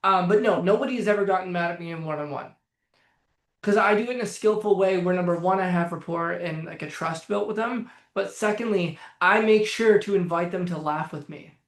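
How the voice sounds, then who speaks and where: A man coaching on anxiety in a casual talk straight to camera, blunt and profane, animated, with bursts of laughter. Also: sits high, fairly quick, reverberant.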